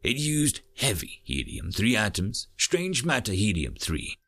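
This male audiobook narrator tells the story expressively, using a measured pace. His voice is on the low side and carries some vocal fry.

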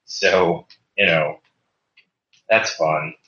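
A man's voice: sits low, fairly even intonation, very slow, bright, forceful tone. Man on an echoey muffled line. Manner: rambling, self-correcting. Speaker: podcast guest player. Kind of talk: casual chat. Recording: echoey, muffled remote audio.

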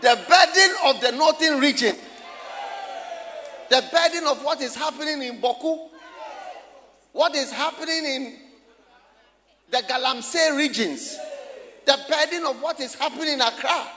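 A male pastor preaches from the pulpit, his unusually high voice bright and forceful. He swings widely in pitch and shouts his points, questioning the congregation as he goes. The sound carries the long reverb of a church hall, with faint room noise underneath. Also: measured pace, long pauses, a faint crowd. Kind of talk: sermon.

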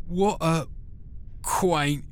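A man's voice: fairly high pitch, steady tone, extremely slow. A man playing a naive, easily scared street seller who chatters with questions, recorded at home with audible noise.

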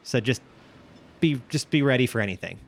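A man's voice: medium pitch, lively intonation, fairly quick, vocal fry. A man playing a tabletop game, joking and rambling as he talks through his moves. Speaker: player. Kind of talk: casual tabletop game play.

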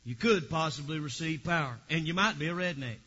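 A man preaching a fervent Pentecostal sermon, swinging from quiet asides to shouted praise. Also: a little high, brisk, breathy edge, highs cut off.

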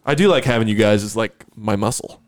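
A man's voice: lowish voice, fairly quick. A man chatting casually with friends, swearing and poking fun at himself while steering the talk. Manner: self-mocking, swears, steers the topic. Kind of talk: casual banter among friends.

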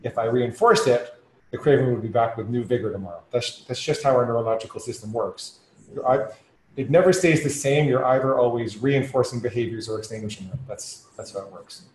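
A man's voice: medium pitch, fairly quick, a little mellow, slight background noise. A man as a podcast guest, explaining earnestly and with rising emphasis. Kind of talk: conversational explaining. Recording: echoey room with faint ambience.

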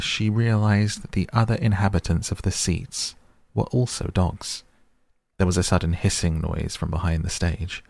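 A man reading a storybook aloud at a slow, measured pace. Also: low-pitched, creaky, darkish tone, no room sound. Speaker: narrator.

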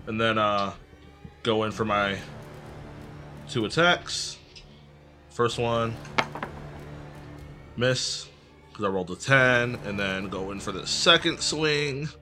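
A man's voice: lowish voice, slow, long pauses, music in the background. A man casually playing a tabletop game, calling out rolls with fillers. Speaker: player.

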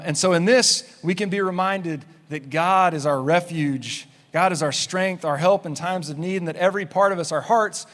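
Upbeat guy preaching, slightly high voice, joking around, big echoey church. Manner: energetic, conversational, playful asides. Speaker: pastor. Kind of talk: sermon. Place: church sanctuary. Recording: long hall reverb.

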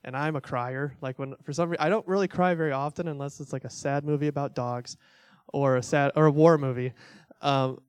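A man's voice: fairly high pitch, steady tone, fairly quick, clean tone, dry recording. A young man giving a casual, conversational church teaching, full of fillers and little laughs. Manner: conversational, filler-heavy, self-deprecating laughs.

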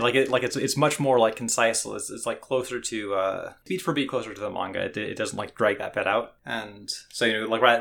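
A man's voice: on the low side, creaky, bright, forceful tone. A man co-hosting an anime podcast, talking casually in a rambling way with lots of restarts and fillers. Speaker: podcast co-host.

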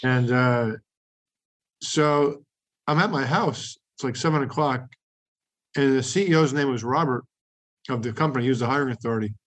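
A man's voice: medium pitch, normal speed, long pauses. A man hosting a casual podcast conversation, telling anecdotes from recruiting and chuckling as he goes. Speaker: podcast host, executive recruiter.

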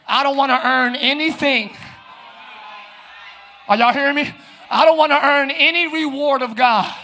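High bright-voiced shouting preacher. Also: male voice, normal speed. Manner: preaching with shouts and call-outs to the congregation. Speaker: pastor. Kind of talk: live sermon. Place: church sanctuary.

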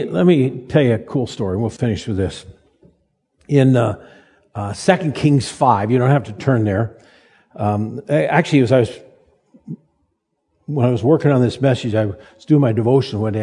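A man in his seventies preaching a sermon in a folksy, halting way, repeating words as he tells stories. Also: medium pitch, dark tone, breathy edge. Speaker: pastor. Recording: long reverb of a large hall.

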